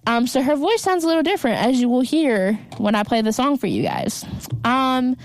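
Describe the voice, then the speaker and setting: A woman's voice: sits high, sing-song, moderate pace, dry recording. A young woman hosting a casual recap podcast, chatting loosely with lots of "like" fillers. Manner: chatty, heavy use of "like" fillers. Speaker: podcast host.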